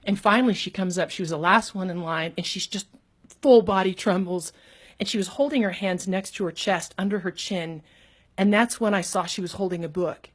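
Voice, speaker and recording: A middle-aged woman, an author and speaker, briskly tells a personal story in animated fashion. Her delivery is lively and expressive, with sudden jumps in pitch whenever she acts out quotes.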